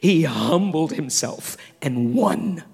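A man preaching a sermon, animated, swinging between loud and hushed with quick asides. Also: fairly high pitch, creaky, breathy edge. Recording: long reverb of a large hall.

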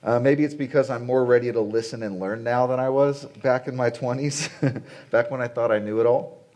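Speaking at a moderate pace in a steady, darkish mid-range voice, a conference speaker in his late forties delivers a chatty sermon. He poses rhetorical questions to the crowd at the venue.

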